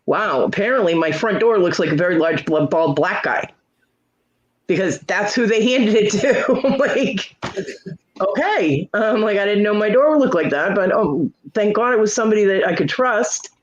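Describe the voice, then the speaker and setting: A middle-aged woman hosting a casual livestream chat, telling a story with lots of swearing and jumping into high voices for quotes while greeting viewers. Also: moderate pace, slight background noise. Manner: profane, animated storytelling with leaping voices for quotes. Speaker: livestream host. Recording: muffled lo-fi stream audio.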